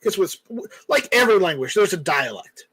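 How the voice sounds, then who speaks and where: A man's voice: sits high, sing-song, a little fast, fairly bright tone, no echo, rough recording. A man hosting a casual livestream, reading viewer comments aloud and rambling with jokes. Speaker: livestream host reading chat.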